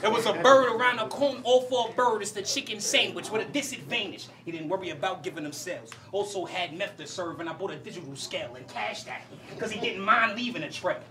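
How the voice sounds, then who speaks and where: A man's voice: high voice, recorded from a distance, background noise. A man from Louisiana rapping battle verses, boastful and menacing, repeating lines for the crowd. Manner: boastful, menacing punchlines delivered deliberately. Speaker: battle rapper. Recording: voice from off mic with a loud cheering crowd.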